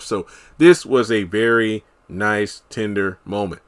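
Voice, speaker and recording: A man casually recapping a TV episode as a solo reviewer, chatty and animated, acting out characters' lines. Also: lowish voice, slow, hardly any pauses. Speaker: TV show reviewer.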